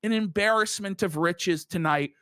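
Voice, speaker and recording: A man hosting a livestreamed talk show, chatting crudely and excitedly, often laughing and shouting in imitation of others. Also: high voice, normal speed, clean tone, no echo, clean studio sound. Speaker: podcast host. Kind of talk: crude comedic stream banter.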